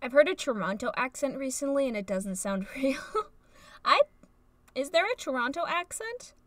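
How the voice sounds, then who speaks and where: A woman's voice: high voice, big pitch swings, moderate pace, fairly bright tone, no room sound. A young woman from the United States chatting casually and rambling while streaming a game. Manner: rambling, chatty, frequent fillers. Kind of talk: casual live-stream chat.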